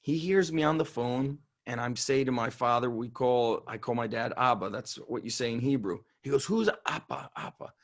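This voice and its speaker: A middle-aged man from Israel, a strength coach telling lively, profane stories in an interview and acting out the voices of the people in them. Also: medium pitch, moderate pace, hardly any pauses. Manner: animated, profane, acts out quoted voices. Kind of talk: casual storytelling interview.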